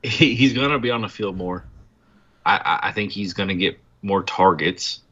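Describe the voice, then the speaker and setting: A man's voice: sits low, normal speed, fairly bright tone, highs cut off. A man co-hosting a casual podcast, earnestly defending his picks with hesitant starts. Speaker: podcast co-host. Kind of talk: casual banter about fantasy football.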